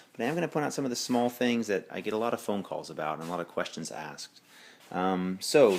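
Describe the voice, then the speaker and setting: A bike shop owner giving a casual late-night walkthrough of his store, relaxed and rambling with fillers and self-corrections. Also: low-pitched. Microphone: handheld camera while walking.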